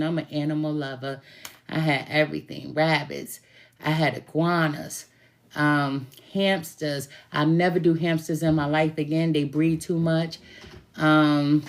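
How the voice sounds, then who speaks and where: A woman reading tarot as a self-styled good witch, talking casually to camera with laughs and a few swear words. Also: low-pitched. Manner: chatty, laughing, swears while telling stories. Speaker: tarot reader calling herself a good witch.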